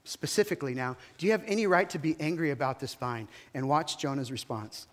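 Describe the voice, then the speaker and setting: Pastor: man, slightly higher voice, conversational sermon with dramatic retelling. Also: brisk, a bit bright, big-room sound.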